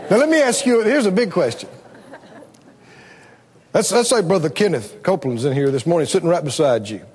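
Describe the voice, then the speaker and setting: A male preacher giving a sermon, animated, questioning his congregation and laughing often. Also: on the high side, a little fast, big-room sound, a faint crowd.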